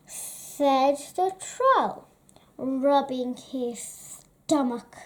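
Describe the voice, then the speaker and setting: Woman storybook reader, high voice, unhurried, gentle and expressive read-aloud.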